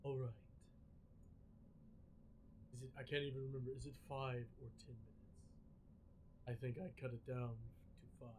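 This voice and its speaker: A streamer putting on an exaggerated deep, smooth radio-announcer voice, drawling as low and manly as he can during a live game stream. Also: level tone, moderate pace, long pauses, a little mellow, slight background noise, lightly acted. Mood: mock-serious.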